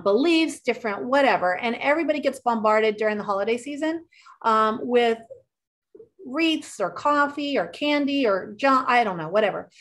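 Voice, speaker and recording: A middle-aged woman, a real estate agent, talking casually and upbeat as a guest, giving marketing tips and acting out what clients say. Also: a little high. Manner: chatty and upbeat, acts out client quotes.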